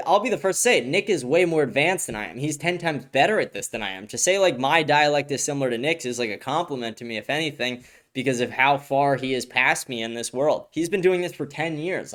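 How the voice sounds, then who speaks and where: A man's voice: medium pitch, fairly bright tone. A man hosting a casual livestream news show, reacting to chat with blunt, profane, filler-heavy talk and frequent restarts. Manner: ranting, talks in restarts.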